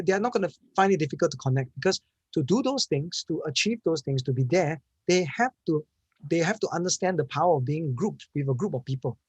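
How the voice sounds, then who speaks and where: A man's voice: fairly high pitch, breathy edge, dry recording. A man, a panel speaker giving an earnest, emphatic storytelling answer and often restarting his words.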